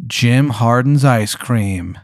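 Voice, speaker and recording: Rambling deadpan man, dry close sound. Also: medium pitch, slow, no echo. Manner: rambling, deadpan storytelling with many restarts. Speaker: podcast host spinning an improvised story. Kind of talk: casual improv chat.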